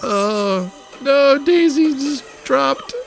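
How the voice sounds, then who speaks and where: A woman hosting a reaction show, narrating a cartoon excitedly, laughing and sometimes hushing her voice. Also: sits high, extremely slow, vocal fry, soft background music. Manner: excitable, laughing, often drops to a hushed voice. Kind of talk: live reaction commentary on a cartoon.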